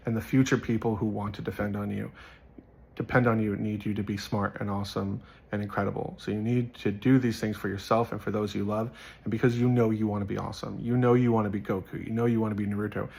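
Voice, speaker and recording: A man's voice: on the low side, flat delivery, fast talker, creaky, a little mellow, breathy edge. A man giving a casual Bible teaching, earnest and rambling, telling personal stories and repeating phrases for emphasis.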